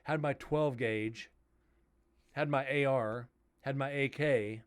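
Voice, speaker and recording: A man's voice: mid-range voice, slow, clean tone. A man hosting a live stream, casually telling a story and acting out both sides of the dialogue.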